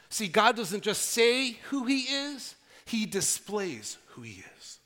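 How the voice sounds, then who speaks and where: Pastor guy giving a sermon, kinda high voice, talky and earnest. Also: wildly swooping pitch, pushed and bright. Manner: earnest, conversational preaching with dramatic pauses.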